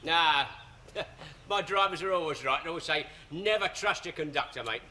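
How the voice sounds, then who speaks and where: An actor playing a cheeky young bus driver with a London accent, bantering and laughing in a 1970s sitcom. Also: male voice, a little high, moderate pace, sharp tone. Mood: miffed. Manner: cheery, laughing, chirpy banter. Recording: noisy old TV soundtrack.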